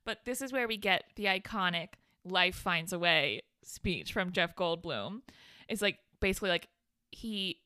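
A woman's voice: fairly low pitch, lively intonation, measured pace, pushed and bright, clean tone, no room sound, studio quality. A woman co-hosting a podcast, chatting about a film with eager enthusiasm and frequent laughs. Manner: enthusiastic, laughs often, calls listeners babes. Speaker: podcast co-host. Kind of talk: casual film chat.

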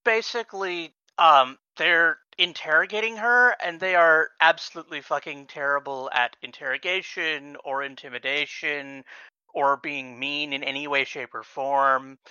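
Podcast co-host rambling along with lots of ums, bright voice, kinda dull dry mic. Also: mid-range voice, fairly even intonation, normal speed, smooth, dry recording. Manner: rambling, many ums and restarts. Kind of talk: casual podcast chat.

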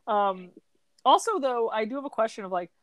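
A woman's voice: fairly high pitch, animated, brisk, no room sound. Chatty woman podcaster, dry close sound. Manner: chatty, filler-heavy, swears casually, laughs often. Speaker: podcast co-host. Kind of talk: casual chat.

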